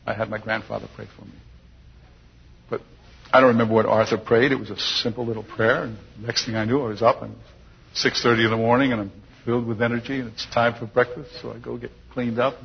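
Husky older man telling his story. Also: medium pitch, fast. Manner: chuckling, lively storyteller. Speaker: speaker giving a personal testimony. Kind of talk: storytelling testimony to an audience. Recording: dull lo-fi recording with long hall reverb.

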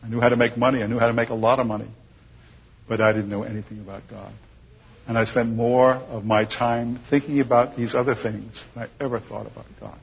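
An older man telling his personal testimony to an audience as a chuckling, lively storyteller. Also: lowish voice, husky. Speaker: speaker giving a personal testimony. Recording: dull lo-fi recording with long hall reverb.

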